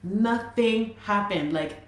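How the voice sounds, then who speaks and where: A woman recounting a personal story as an interview guest, animated and acting out the dialogue of others. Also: medium pitch, slow. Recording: roomy echo.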